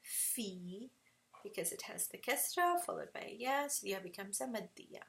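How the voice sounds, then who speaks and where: A woman's voice: mid-range voice, lively intonation, moderate pace, vocal fry, far from the mic, rough recording. A woman teaching tajweed at a whiteboard, explaining patiently and often checking in with "right?".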